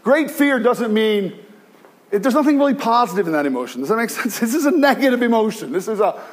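A man preaching a sermon as pastor, animated, with many restarts, acting out the cries of the people he tells about. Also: high-pitched, fast talker.

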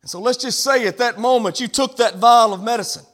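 Man, pastor, sermon, very high voice, emphatic preaching. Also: fairly quick, a bit bright. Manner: preaching with rising, emphatic declarations.

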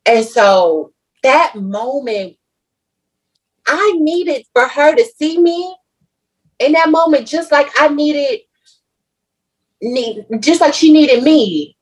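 A woman co-hosting a podcast, telling a personal story in casual chat with a lively, emotional, slangy manner. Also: sits high, takes it slowly, pauses often, rough recording. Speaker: podcast co-host.

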